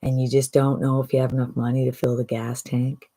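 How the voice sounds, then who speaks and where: A woman's voice: a bass voice, flat delivery, a little fast, dark tone. A woman voicing an earnest, struggling man from Alabama with a Southern US accent.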